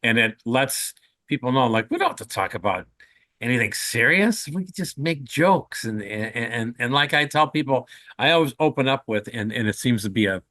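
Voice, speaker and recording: A man's voice: medium pitch, normal speed, dry recording. A man in his sixties, a comedian and guest, telling stories in a chatty, joking way. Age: 60s. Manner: animated, chatty, jokey. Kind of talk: casual storytelling.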